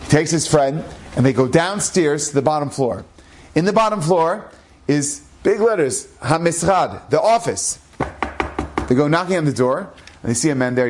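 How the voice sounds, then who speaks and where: A man, a rabbi, telling an inspirational story in a lively way that acts out the dialogue, with Hebrew and Yiddish words mixed in. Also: a little high, moderate pace. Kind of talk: storytelling podcast.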